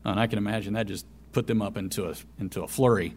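Man preaching with dramatic loud-soft swings. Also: fairly low pitch, fast. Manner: dramatic swings between loud and soft, repeats key phrases. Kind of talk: sermon.

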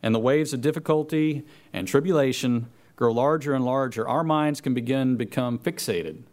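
A man's voice: medium pitch, normal speed, a little mellow. A man preaching a sermon, reading scripture aloud and repeating key phrases for emphasis. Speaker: pastor.

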